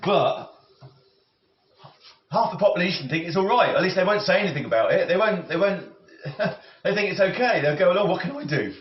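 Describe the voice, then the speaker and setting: A man rambling and musing as he cooks, with many halting restarts and self-corrections. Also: sits high, lively intonation. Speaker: cooking vlogger. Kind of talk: rambling talk while cooking. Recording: roomy, slightly dull audio with faint noise.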